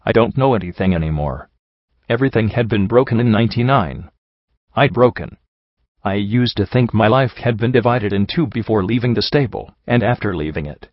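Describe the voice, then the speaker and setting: A man reading the lines of a guilt-ridden, defensive young pony mare from a storybook in a low voice. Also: expressive, a little fast, no room sound. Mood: anguished. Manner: anguished, self-doubting outbursts. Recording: dull lo-fi audio.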